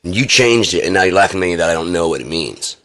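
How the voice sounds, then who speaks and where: Man, very low voice, bright and forceful tone, cursing rambling monologue, vlog. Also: rapid-fire. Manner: profane, ranting, lecturing. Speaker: vlogger. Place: indoor room with a heater.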